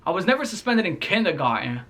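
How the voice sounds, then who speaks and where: A man in his twenties who tells a story in a casual, animated and profane way, full of slang, as a vlogger. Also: sits high, quick pace. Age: 20s.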